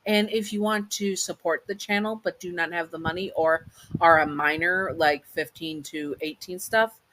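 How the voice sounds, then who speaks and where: A woman's voice: lowish voice, steady tone, moderate pace, a bit bright, slight background noise, poor audio. A woman hosting her own channel, narrating a story and then rambling chattily through her outro with many asides.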